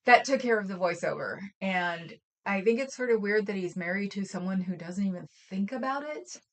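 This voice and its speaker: A woman's voice: medium pitch, lively intonation, moderate pace. A woman from Oakland, California, co-hosting a livestream in casual, rambling chat full of stories and fillers. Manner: rambling, storytelling, trails off with fillers. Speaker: livestream co-host.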